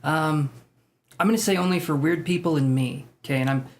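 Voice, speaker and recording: A man's voice: fairly high pitch, a little fast. A man hosting a live tarot reading stream, chatting casually, greeting viewers by name and joking about himself.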